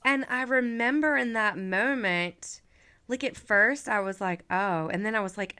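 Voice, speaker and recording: A woman therapist in her thirties hosting a heartfelt conversation, speaking softly and affirmingly with emphatic moments. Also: mid-range voice, unhurried, clear, resonant tone. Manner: soft, warm and affirming, emphatic at times. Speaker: therapist and podcast host.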